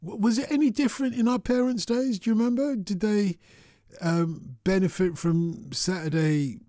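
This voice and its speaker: A man's voice: sits high, normal speed, warm tone, no echo. A man hosting a late-night radio phone-in, chatting in a rambling, teasing way into a studio microphone.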